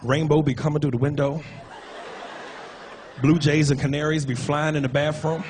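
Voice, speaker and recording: A man doing a stand-up comedy set on a club stage, brash and profane, breaking into shouted impressions. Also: fairly high pitch, flat delivery, moderate pace, slight background noise.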